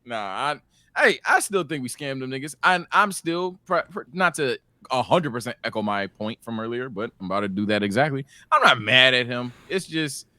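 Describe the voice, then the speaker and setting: A man's voice: mid-range voice, animated, moderate pace, pushed and bright, no room sound. A man co-hosting a casual sports podcast, playful and jokey, slipping into mock official announcements. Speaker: podcast co-host.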